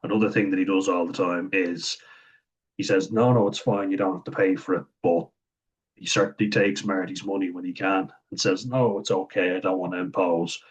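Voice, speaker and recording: A man's voice: deep voice, flat delivery, normal speed, slightly rough, rough recording. An Irish man talking through a series in casual commentary, blunt and chatty, acting out the quoted lines as he goes. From Ireland.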